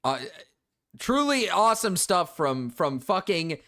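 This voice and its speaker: Loud, bright-voiced streamer reacting. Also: male voice, sits high, very animated, unhurried, no room sound, studio quality. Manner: loud, laughing, incredulous outbursts. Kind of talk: casual reaction commentary.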